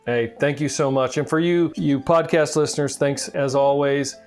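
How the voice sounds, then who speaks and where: A man hosting a podcast, chatting casually with a guest and joking lightly as he runs a quick game. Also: medium pitch, fairly even intonation, soft background music. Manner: friendly, joking, quick asides. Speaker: podcast host. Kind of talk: casual interview chat.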